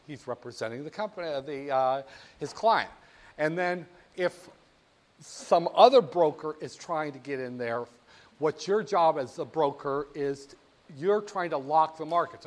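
Guy lecturing a class, pretty high voice, lively, cracks jokes at students. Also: a little slow. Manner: lively, jokey, speaks straight to students.

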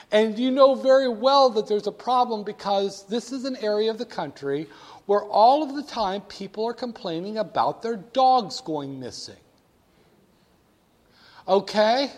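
Male lecturer, animated and joking, a little high-voiced, echoing in a lecture hall. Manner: animated, jokey, addresses students directly. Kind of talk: classroom lecture. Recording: long hall reverb.

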